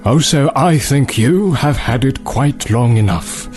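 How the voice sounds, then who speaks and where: A male audiobook reader voicing an old, wise wizard who speaks in a measured, firm, grave way. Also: medium pitch, animated, over music, close to an everyday voice. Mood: stern. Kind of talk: dramatized audiobook reading.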